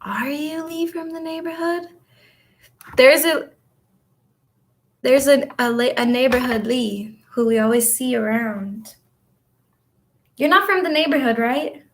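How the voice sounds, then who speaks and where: A woman's voice: sits high, measured pace, pauses often. A woman vlogging in a casual, rambling way while she tidies her office, chatting and answering comments from her viewers. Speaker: vlogger and spiritual coach.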